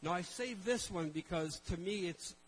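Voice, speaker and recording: A male pastor preaching with lively storytelling. His voice sits slightly higher than most men's. He keeps drawing in the congregation with questions and calls for an amen. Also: normal speed, slight background noise, rough recording. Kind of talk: sermon.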